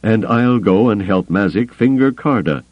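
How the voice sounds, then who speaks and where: Cocky ship thief, a male narrator's put-on, brash and chummy, raised and lively; dry, close storybook audio. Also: fairly low pitch, moderate pace, dry recording, dull audio, pitched above the performer's own voice.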